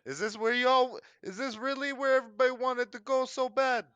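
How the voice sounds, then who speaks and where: A man voicing a grumpy, foul-mouthed male goblin adventurer who complains loudly. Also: fairly quick, clean tone, no echo, highs cut off. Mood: grumbling. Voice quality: brash, swearing, high-pitched complaining.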